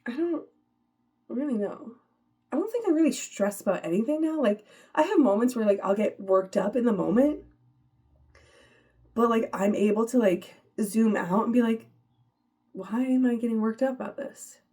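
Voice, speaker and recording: A woman's voice: a little high, lively intonation, moderate pace, pauses often, mellow. Chatty upbeat woman vlogger. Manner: chatty, upbeat, many "like" fillers, laughs often. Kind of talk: casual motivational talk to camera.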